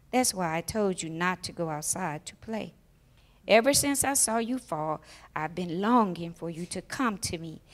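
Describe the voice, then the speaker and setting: A woman voicing a loving, patient father in a children's story, speaking softly and tenderly. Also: on the low side, lightly acted. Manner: soft, tender, welcoming. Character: loving, patient father waiting for his daughter.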